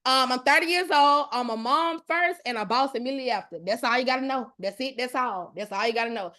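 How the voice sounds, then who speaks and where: A woman in her thirties with a Mississippi accent hosts a live online class. Her voice sits high, and she talks in a loud, brash, cussing way that stays playful and chatty. She is recorded on a computer mic in a live video session. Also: quick pace. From Mississippi, USA. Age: 30s. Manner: loud, profane, playful, talks straight to the chat. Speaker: host, online class teacher.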